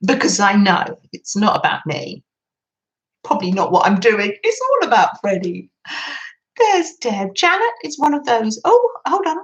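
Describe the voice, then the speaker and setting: Slow, gentle woman chatting while crafting. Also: medium pitch, huge pitch swings, rough recording. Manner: gentle and chatty, greets viewers in the chat; soft frequent laughter. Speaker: craft livestream host. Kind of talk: live-stream craft chat.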